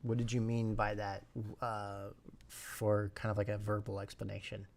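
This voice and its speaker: A man streaming a language study session, thinking aloud and slowly repeating syllables to practice pronunciation, sometimes dropping to a whisper. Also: lowish voice, completely flat delivery, vocal fry, noisy background. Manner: slow, repeats sounds and syllables, drops to a whisper at times.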